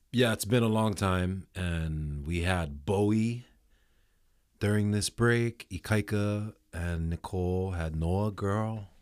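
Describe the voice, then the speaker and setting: A man's voice: low-pitched, a little mellow. A middle-aged man hosting a casual solo podcast, rambling loosely with lots of swearing and fillers. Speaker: podcast host and touring musician.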